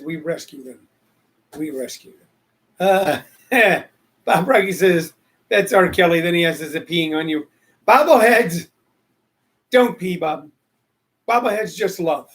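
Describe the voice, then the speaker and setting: A man's voice: high voice, fairly bright tone. A man hosting a casual live show, joking and rambling as he answers commenters from the chat. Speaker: show host.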